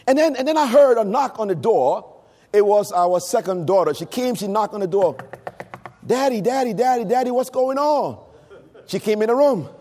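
A middle-aged male pastor preaching a sermon, breaking into shouts and sung, rising phrases. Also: high voice, expressive, a little fast. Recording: long hall reverb.

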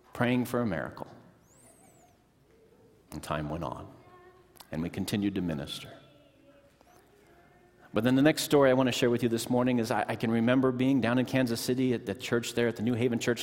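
Pastor preaching in an echoing church. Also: male voice, medium pitch, brisk, long pauses. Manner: animated storytelling, shifting from excited to hushed. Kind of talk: sermon. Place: church sanctuary. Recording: long hall reverb.

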